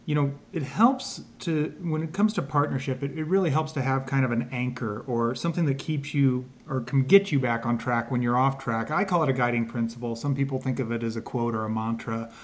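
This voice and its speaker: A man hosting a podcast interview, enthusiastic and quick with affirmations. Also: medium pitch. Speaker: podcast host. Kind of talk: casual interview chat.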